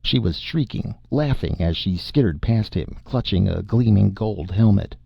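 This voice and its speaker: A man narrates a horror story in a very deep, gravelly voice with a husky edge. The recording is dull and dry, like a simple home setup. He reads steadily and shapes each scene with care. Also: lively intonation, normal speed, no echo. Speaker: audiobook narrator. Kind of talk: scripted narration.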